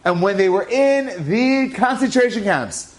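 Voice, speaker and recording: A man, a rabbi, telling an inspirational story in an animated, casual way, acting out the dialogue. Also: sits high, measured pace.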